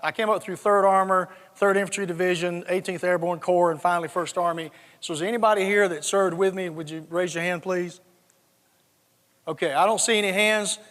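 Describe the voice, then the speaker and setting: A Southern-accented man in his sixties gives a keynote full of folksy jokes. He often repeats a word as he starts a thought. His voice sits high for a man and carries a long reverb from a big hall. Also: a bit bright. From South Georgia, USA. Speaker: conference speaker. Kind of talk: storytelling keynote speech. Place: large conference hall.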